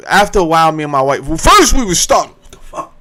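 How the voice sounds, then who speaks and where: A man hosts a podcast and tells a funny story in plenty of profanity. He acts out what people said to him. His pitch sits a little high and swings widely. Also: fast, a little hiss or hum. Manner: profane, animated, acts out quotes. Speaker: podcast host. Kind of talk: comedic storytelling.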